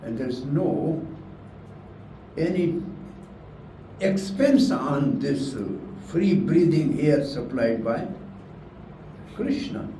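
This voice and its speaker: A man's voice: on the high side, lively intonation, extremely slow, pauses often, dark tone, slight background noise. A man giving an earnest spiritual lecture as a values-class teacher, full of rhetorical questions. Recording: roomy hall from a distant mic with faint ambience.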